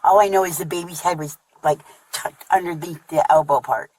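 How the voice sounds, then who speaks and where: A woman answering a police officer's questions, halting often with fillers and restarts. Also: lowish voice, fairly even intonation, a little mellow, poor audio. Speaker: witness being interviewed. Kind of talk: recorded police interview. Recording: bodycam audio with background noise.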